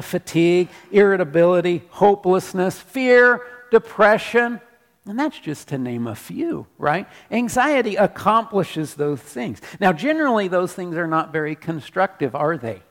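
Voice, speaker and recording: A man preaching a sermon as pastor in a church, animated, repeating his declarations. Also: high-pitched, long reverb tail.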